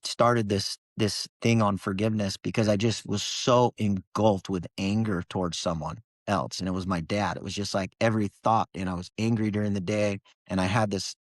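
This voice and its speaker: A man's voice: lowish voice, no echo. A man as a podcast guest, telling a personal story in an earnest, emotional way with many restarts.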